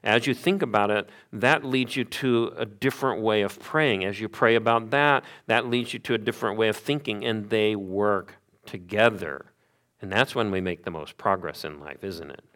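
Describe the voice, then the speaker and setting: Male pastor, somewhat low voice, lively storyteller in a sermon. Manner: animated storytelling with quick asides and rhetorical questions.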